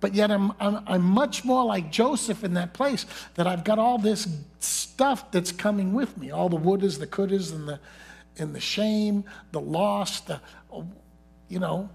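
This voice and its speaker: A man's voice: high-pitched, a little slow, vocal fry, slightly rough. A man preaching a sermon, telling a personal story and often dropping his voice to near whispers.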